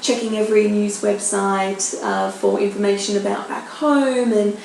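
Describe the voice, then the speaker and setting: A woman's voice: mid-range voice, steady tone, moderate pace, vocal fry, a little mellow. An Australian woman in her thirties, a journalist telling anecdotes in a podcast interview, acting out the voices she quotes. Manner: chatty storyteller, acts out quoted voices. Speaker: journalist guest. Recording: very echoey room, faint noise.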